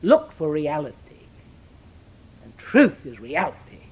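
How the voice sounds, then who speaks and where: A man preaching a sermon with an old-fashioned scriptural cadence, swinging from loud emphatic declarations to hushed, solemn asides. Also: a little high, huge pitch swings, measured pace, husky.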